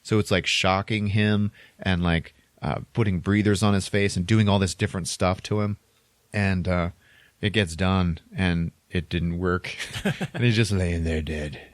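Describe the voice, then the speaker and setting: A man's voice: sits low, fairly even intonation, unhurried, dry recording. A man co-hosting a podcast, casually retelling a film plot in a rambling way, chuckling between lines and saying "like" a lot. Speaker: podcast co-host.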